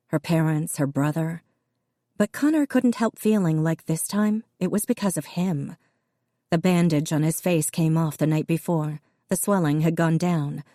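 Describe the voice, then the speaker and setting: A woman reads an audiobook aloud in a measured, even storytelling voice. Her pitch sits low, and the studio recording is clean with no room sound.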